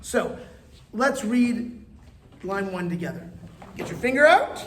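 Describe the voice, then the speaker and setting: Chatty rabbi teaching in an echoey room. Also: male voice, high voice, animated, slow, a little hiss or hum. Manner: chatty, digressive, joking, leads call-and-response vowel drills. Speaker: rabbi teaching a Hebrew class. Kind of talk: informal language lesson with drills.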